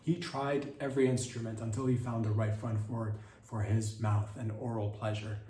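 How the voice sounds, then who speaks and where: Young guy ranting jokes on a podcast, swearing a lot, warm low-key tone, kinda echoey. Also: little pitch movement, normal speed, recorded from a distance. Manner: rambling, profane, riffing with mock indignation. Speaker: podcast host. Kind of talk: comedic monologue.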